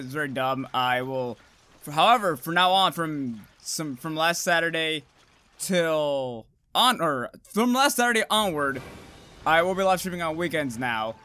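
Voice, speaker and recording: A young man streaming a game, just woken up, swearing and yelling at the monster with sudden whoops. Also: a little high, clear, resonant tone. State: just woke up, groggy. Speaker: gaming streamer. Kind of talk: live gameplay commentary.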